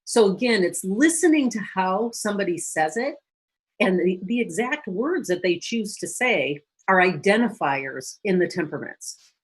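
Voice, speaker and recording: A woman counselor giving a lively teaching talk to a church audience, briefly acting out quoted phrases. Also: mid-range voice, moderate pace, breathy edge. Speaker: guest speaker and counselor.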